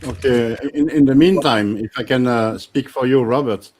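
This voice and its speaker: A man's voice: medium pitch, normal speed, a little mellow. Hesitant male guest author. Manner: hesitant, filling time politely. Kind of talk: live panel discussion.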